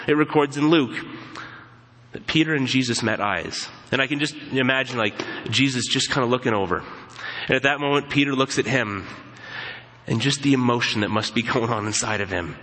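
A man preaching a sermon, retelling a story in an animated way and acting out what people say. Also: mid-range voice, fairly quick, long reverb tail, rough recording. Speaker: pastor.

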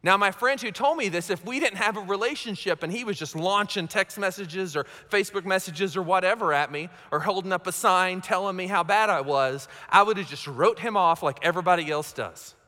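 The pastor speaks briskly with hardly any pauses, his high-pitched voice pushed and bright. His sermon is chatty and self-mocking, with frequent check-ins with the audience, all under a long hall reverb.

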